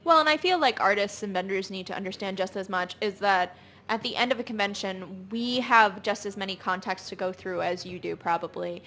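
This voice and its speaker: A woman co-hosting a casual podcast chat, speaking in an earnest, measured way. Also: medium pitch, fairly bright tone, a little hiss or hum. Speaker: podcast co-host.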